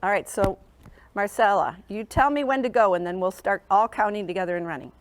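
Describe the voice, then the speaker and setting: A woman's voice: mid-range voice, fairly quick, dry recording. A woman presenting a sleep program in a school classroom, talking to young children in an encouraging, sing-song teacher manner and often checking in with them.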